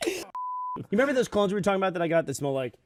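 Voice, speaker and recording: Middle-aged man, high animated voice, teasing podcast host, laughs a lot. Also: very noisy. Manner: laughing, teasing, quick to joke. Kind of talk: casual chat.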